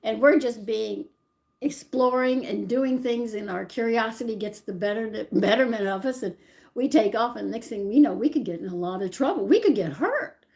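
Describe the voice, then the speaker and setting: An older woman telling family stories from her childhood in a rambling, animated way, often stopping to correct herself. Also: on the high side, normal speed. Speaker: channel host. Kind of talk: personal storytelling.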